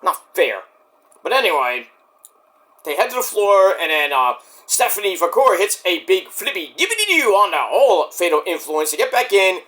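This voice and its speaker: A man giving a casual, rambling recap of a show, excitable and profane. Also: high voice, moderate pace. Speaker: wrestling show reviewer.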